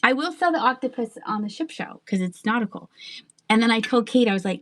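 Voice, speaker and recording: Chatty woman host on a live selling stream, laughs a lot, rambles and trails off, thinks out loud. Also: on the high side, animated, normal speed, pauses often. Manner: asides and trailing sentences. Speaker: live online seller. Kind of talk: live-stream sales chat.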